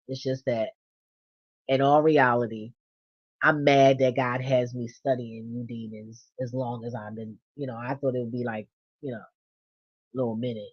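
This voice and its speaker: Low-voiced woman venting bluntly, lo-fi. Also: slightly rough, no room sound. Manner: blunt, profane, swings from low mutters to loud rants. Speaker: vlogger. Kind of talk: casual venting monologue. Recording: dull lo-fi dry recording.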